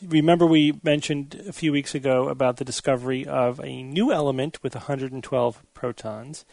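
A man hosting a podcast, running the news items in a brisk, joking way. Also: medium pitch, fairly even intonation, vocal fry, darkish tone, no echo. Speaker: podcast host. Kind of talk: casual panel chat.

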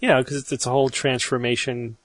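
A man's voice: medium pitch, fairly quick, no room sound. A man hosting a casual podcast panel, leading the talk with playful energy. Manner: lively, leads the conversation, playful. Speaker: podcast host.

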